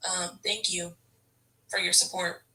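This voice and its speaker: A woman's voice: fairly low pitch, little pitch movement, a little slow, sharp tone, far from the mic, poor audio. A woman football fan ranting to camera in a frustrated, exasperated way, stammering and restarting her sentences. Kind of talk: emotional fan rant to camera.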